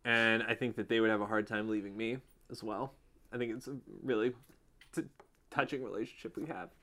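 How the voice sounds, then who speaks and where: A man hosting a podcast in a studio, chatting casually with deadpan self-mocking jokes. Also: on the low side. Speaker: podcast host.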